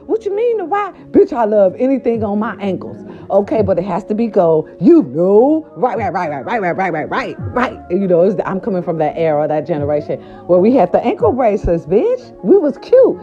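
Animated, profane middle-aged woman storyteller. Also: mid-range voice, a little fast, few pauses, highs cut off, soft background music. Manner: profane, animated, repeats filler words. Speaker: vlogger. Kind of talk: casual storytelling to camera.

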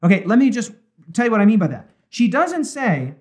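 A man with a notably high speaking voice leads a Bible study discussion as a pastor. He talks emphatically and drags out key words when he reads a quotation aloud. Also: big pitch swings, darkish tone. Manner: emphatic, slows down to stress quoted words.

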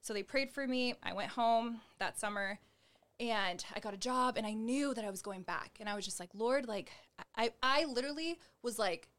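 A woman's voice: on the high side, moderate pace, fairly bright tone. A young adult woman telling her personal faith testimony in conversation. She talks chattily, fills her speech with "like", and acts out the lines she quotes. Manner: chatty, heavy use of "like", acts out quoted dialogue; gestures while talking. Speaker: guest sharing her testimony.

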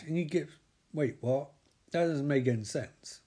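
A man recapping a TV episode with sarcastic, sweary, excitable commentary. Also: on the high side, measured pace. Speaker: comedic TV recapper.

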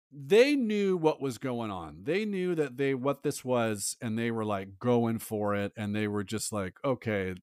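A man co-hosting a podcast in casual chat, animated and rambling, acting out lines from a movie. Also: mid-range voice, no echo, clean studio sound. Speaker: podcast co-host.

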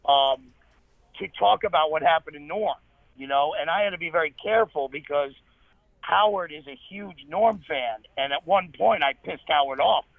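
A comedian telling animated stories in an interview, with quick asides. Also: male voice, fairly high pitch, gravelly, no echo, phone-quality sound. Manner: animated anecdotes, fast asides. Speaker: comedian guest. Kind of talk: storytelling interview.

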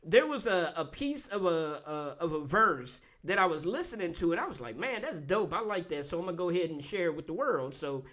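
A man hosting a casual music interview, his voice pitched high and bright. He is excitable and quick to laugh, carrying the chat with easy energy. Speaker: host.

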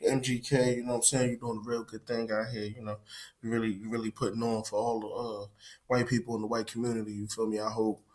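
A man's voice: on the low side, level tone, fast, darkish tone. A man co-hosting a casual podcast, laid-back and easygoing, who keeps dropping "you know what I'm saying" into his talk. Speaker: podcast co-host.

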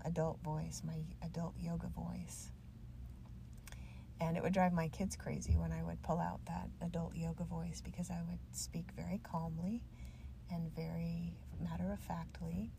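Low, gravelly-voiced woman podcaster. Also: a little hiss or hum. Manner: chatty, self-deprecating, gently reassuring. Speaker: podcast host. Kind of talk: reflective solo podcast talk.

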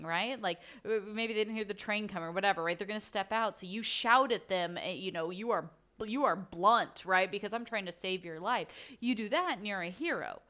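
A woman's voice: mid-range voice, fairly bright tone. A woman co-hosting a faith podcast, talking animatedly and acting out quotes as she explains. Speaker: podcast co-host. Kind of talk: casual podcast chat.

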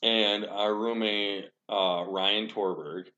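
Low-voiced young man telling a rambling story. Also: fairly even intonation, slow pace, sharp tone. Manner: profane, rambling, self-deprecating. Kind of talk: casual storytelling chat. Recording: dull lo-fi sound.

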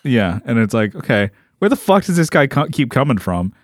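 A man chatting on a podcast in an animated way, swearing and acting out scenes. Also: medium pitch, a little fast, no echo, clean studio sound. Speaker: podcast producer. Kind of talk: casual chat.

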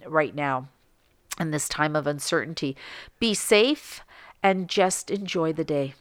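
Earnest low-voiced mother giving advice. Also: clean tone, dry recording. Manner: heartfelt, earnest advice with frequent ums. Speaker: podcast co-host. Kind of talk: casual podcast chat.

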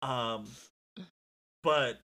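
A young man talking casually on a podcast at a middle pitch. He tells stories with excited, animated energy and swears freely, jumping between thoughts. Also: drawn-out words. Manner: excitable, profane, animated storytelling. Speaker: podcast co-host. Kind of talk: casual chat.

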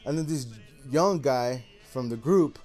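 A man's voice: mid-range voice, unhurried, darkish tone, faint music behind. A man hosting a video, talking in a loose, rambling way full of "man," "you know" and "uh.". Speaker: video host. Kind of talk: casual monologue commentary.

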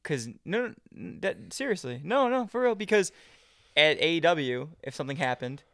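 A young man, a podcast guest, telling stories in casual chat, animated, swearing and laughing often. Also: on the high side, moderate pace, dry recording, studio quality.

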